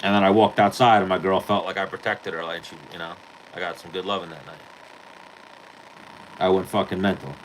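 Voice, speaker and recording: Low-voiced man telling a profane story. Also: a little fast, long pauses, a little hiss or hum, low-quality recording. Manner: profane, animated storytelling with acted-out quotes. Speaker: podcast host. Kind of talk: casual storytelling chat.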